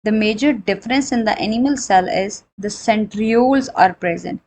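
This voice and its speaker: A woman's voice: medium pitch, moderate pace, darkish tone, slight background noise, low-quality recording. Woman lecturing on biology. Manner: explanatory, repeats and rephrases points, frequent fillers; switches into Hindi for examples. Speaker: biology teacher. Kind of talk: recorded classroom lecture.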